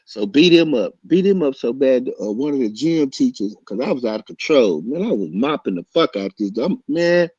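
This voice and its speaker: A man telling a story loudly and excitably, acting out voices and punches with sound effects. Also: mid-range voice, normal speed, hardly any pauses, breathy edge, no echo. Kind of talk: animated storytelling. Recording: dull lo-fi sound.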